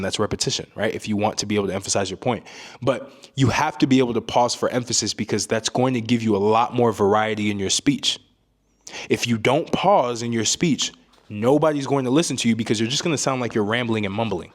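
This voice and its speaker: A man's voice: mid-range voice, a little fast. A man giving a motivational speaking lesson as a communication coach, emphatic and repetitive, often ending points with a tag question.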